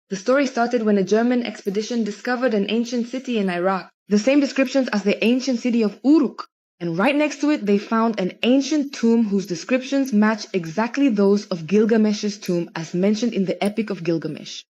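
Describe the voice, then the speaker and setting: A woman's voice: medium pitch, a little mellow. A woman narrating an explainer video, dramatic and posing teasing questions to the viewer. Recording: dull lo-fi audio.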